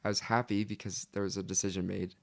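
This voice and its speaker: Young man with a gravelly, low voice. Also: level tone, fast. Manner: earnest, leans heavily on "like". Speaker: podcast guest. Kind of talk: casual interview storytelling.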